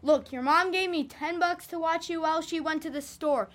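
Sulky teen boy babysitter, played by a woman, high voice, sarcastic and dismissive, radio-play family drama. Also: fairly even intonation, moderate pace, fairly bright tone. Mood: sullen.

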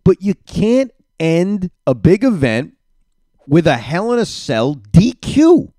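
A man hosts his own solo podcast, ranting through opinionated reactions in an animated, emphatic way. He speaks slowly in a high-pitched voice, captured with a dry, clean studio sound.

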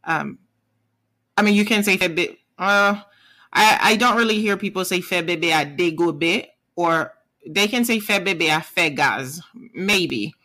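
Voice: mid-range voice, a little slow, bright, forceful tone. A language teacher from Haiti with a Haitian accent, a native Haitian Creole speaker, giving a casual video lesson patiently, repeating words and checking in with "okay?" and "right?". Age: adult parent.

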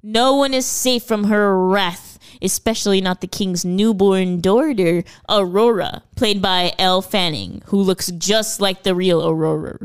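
A woman's voice: medium pitch, a little slow, few pauses, clear, resonant tone, no room sound. Young woman podcast co-host, joking and playful, dry close mic. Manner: playful, jokey, laughs often. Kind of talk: casual chat.

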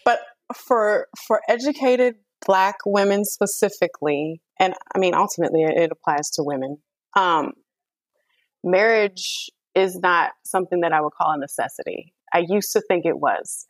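A woman's voice: fairly low pitch, moderate pace, no room sound. A woman guest speaking frankly and earnestly in casual conversation, with slangy asides. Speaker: podcast guest.

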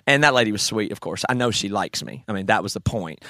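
Bright-voiced Southern man, opinionated. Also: on the low side, fast, no echo. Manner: animated, opinionated, laughs often. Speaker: conference guest. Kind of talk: casual conversation.

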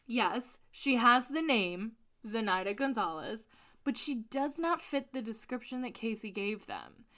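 A woman co-hosting a casual true crime podcast, recounting a case in an animated, sweary way and laughing often. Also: on the high side, measured pace. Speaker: podcast co-host.

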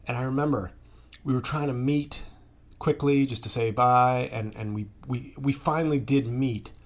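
A man's voice: medium pitch, normal speed. Guy in his 30s doing a crude rambly solo podcast, making fun of himself, normal voice. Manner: rambling, crude, self-mocking. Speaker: podcast host. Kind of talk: casual comedic monologue.

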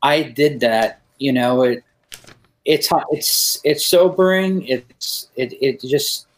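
A man's voice: medium pitch, slow pace, rough recording. A man, a pianist guest, talking with enthusiasm on a podcast, often restarting his sentences. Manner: enthusiastic, frequent stammered restarts. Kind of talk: conversational podcast interview.

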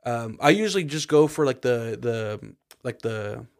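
A man's voice: mid-range voice, expressive, a little slow, creaky, darkish tone. A young man co-hosting a podcast, telling rambling, profane stories in casual chat and acting out the people in them. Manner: rambling storyteller, profane, acts out quoted people. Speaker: podcast co-host.

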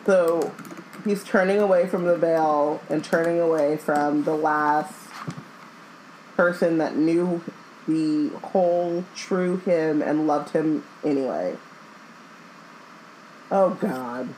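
A woman's voice: low-pitched, takes it slowly, pauses often, darkish tone, slight background noise, rough recording. A woman co-hosting a casual book podcast, blunt and jokey, who swears freely. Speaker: podcast co-host. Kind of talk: casual chat.

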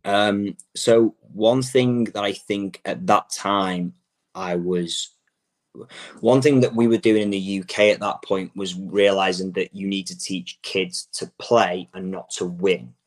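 Deep-voiced young Englishman. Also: fairly even intonation, slow pace. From England. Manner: rambling, many restarts and "like" fillers. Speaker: guest, soccer coach. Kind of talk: casual interview talk.

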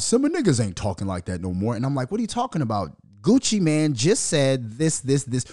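A man's voice: medium pitch, wildly swooping pitch, fairly quick, few pauses, a little mellow, dry recording, studio quality. A man hosting a podcast, ranting in a profane monologue and mocking the voices of others. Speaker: podcast host.

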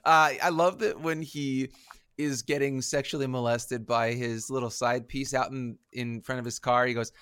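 A man in casual chat, animated, often restarting his sentences. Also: medium pitch, moderate pace, clear, resonant tone, dry recording, clean studio sound. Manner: animated, stammering restarts, swears.

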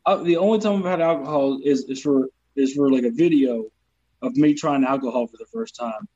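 A man's voice: mid-range voice, brisk, breathy edge, muffled recording. A man with a Southern accent, a comedian guest, telling profane stories in casual podcast chat. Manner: profane, animated storytelling with acted quotes.

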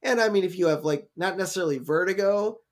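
A man in easy, casual chat, his voice sitting a little higher than most men's. He rambles through scenes with plenty of fillers and restarts. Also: fast talker. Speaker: podcast co-host.

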